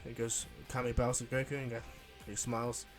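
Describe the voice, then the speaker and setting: A man casually improvising a fan story retelling, rambling and halting with fillers. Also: medium pitch, flat delivery, soft background music.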